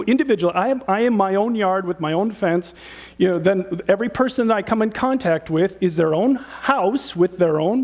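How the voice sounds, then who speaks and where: Middle-aged male pastor, higher-pitched, conversational animated sermon delivery with rhetorical questions.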